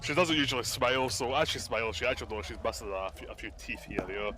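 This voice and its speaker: Man, dungeon master, chatty tabletop narration, clear bright tone, mid pitch. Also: fast, slight background noise. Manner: chatty, with many restarts and asides. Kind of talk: narrating a live tabletop game.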